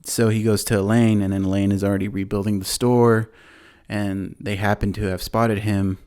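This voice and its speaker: Low-voiced man rambling through a recap. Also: little pitch movement, normal speed, a little mellow, clear, resonant tone. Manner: rambling, many fillers, acts out quotes. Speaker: podcast host. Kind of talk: casual movie recap.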